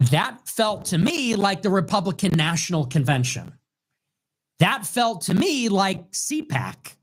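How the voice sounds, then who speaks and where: A man's voice: high voice, big pitch swings, measured pace, rough recording. A man hosting a comedic podcast, reacting to clips with sarcastic, mocking commentary and frequent swearing. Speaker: podcast host.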